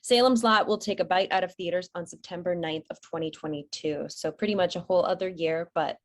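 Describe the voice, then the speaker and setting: A woman's voice: lowish voice, a little fast. A woman presenting horror news headlines on a podcast, reading items and adding casual asides. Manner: reads headlines with chatty asides.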